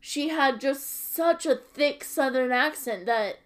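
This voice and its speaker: A woman interviewer speaks casually with a somewhat high voice at a very slow, unhurried pace. She hesitates often and fills pauses as she asks her questions.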